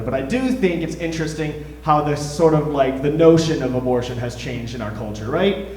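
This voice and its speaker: A man's voice: on the high side, slight background noise. Rambling young man doing stand-up. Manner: self-deprecating, rambling, with hesitant fillers. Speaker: stand-up comedian. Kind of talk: stand-up comedy set. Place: comedy club stage. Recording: roomy club, from far off the mic.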